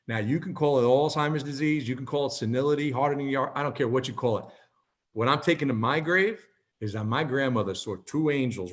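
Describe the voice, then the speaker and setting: A man in his fifties giving a motivational talk, an animated storyteller who keeps checking in with "okay?". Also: medium pitch. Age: 50s. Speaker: presenter.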